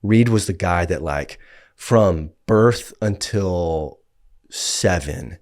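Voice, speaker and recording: Deep-voiced laid-back pastor, man. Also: extremely slow, a little mellow. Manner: laid-back, heavy on "like" and "dude". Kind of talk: casual podcast conversation.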